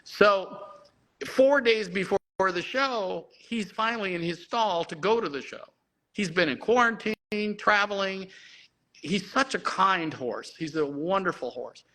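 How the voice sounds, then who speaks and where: Bright-voiced middle-aged man telling a story. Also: high-pitched, unhurried, rough recording. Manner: excited, repetitive restarts. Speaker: horse breeder guest. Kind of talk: animated storytelling.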